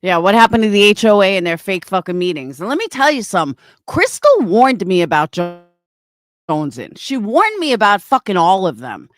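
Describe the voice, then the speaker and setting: A woman's voice: medium pitch, big pitch swings, fairly quick, dry recording. A woman hosting a livestream, ranting angrily and swearing constantly as she answers her chat, often repeating herself. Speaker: livestream host reading chat. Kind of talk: angry livestream rant.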